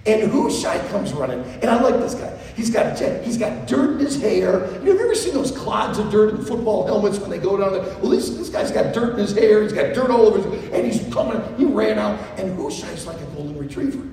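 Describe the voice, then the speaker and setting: A man preaching a sermon to college students, telling a story in an animated way and repeating his phrases, recorded in a large echoey hall from far off. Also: high-pitched, brisk, vocal fry, hardly any pauses, a little hiss or hum.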